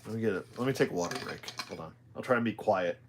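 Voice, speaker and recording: A man's voice: on the low side, quick pace, slight background noise. A tired man chatting casually while he unboxes a toy live, rambling with self-deprecating asides. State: tired, yawning.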